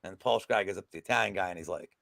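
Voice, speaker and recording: A man co-hosting a betting podcast in casual chat, an animated, jokey storyteller who swears freely. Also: sits low, racing, vocal fry, no room sound.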